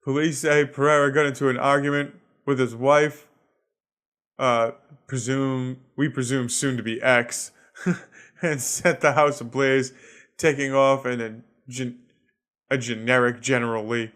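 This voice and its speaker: A man's voice: medium pitch, flat delivery, unhurried, a bit bright. A man with a Boston accent, a comedian hosting his own podcast, ranting casually and swearing a lot while laughing at his own jokes. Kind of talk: solo comedic podcast rant.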